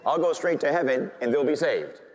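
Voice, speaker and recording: A man's voice: a little high, animated, fairly quick. A male Catholic priest preaching a sermon, telling his story animatedly and bantering with the congregation. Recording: long hall reverb.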